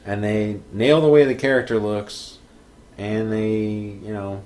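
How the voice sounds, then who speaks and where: A man's voice: lowish voice, a little slow, a little mellow. A man co-hosting a podcast, talking casually about a film with easy hesitations. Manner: easygoing, hesitant with fillers. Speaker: podcast co-host. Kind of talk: casual movie review chat.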